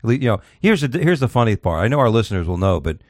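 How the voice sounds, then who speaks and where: A man's voice: medium pitch, rapid-fire, no echo, studio quality. A man hosting a podcast in casual chat, rambling and profane as he tells stories. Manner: profane, rambling, animated storytelling. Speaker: podcast host.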